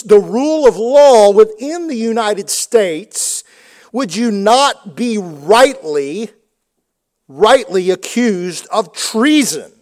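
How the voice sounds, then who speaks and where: A man with a high voice delivers a sermon as pastor. He preaches emphatically, circling back and repeating key words to drive them home.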